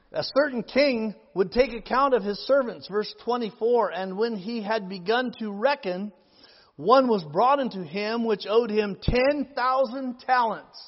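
A man preaching a sermon, reading scripture slowly and rising to loud, emphatic appeals to the congregation. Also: very high voice, long reverb tail, muffled recording.

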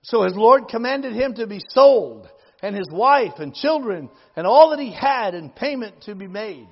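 A man preaching a sermon, reading scripture slowly and rising to loud, emphatic appeals to the congregation. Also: sits high, animated, gravelly, big-room sound, lo-fi sound.

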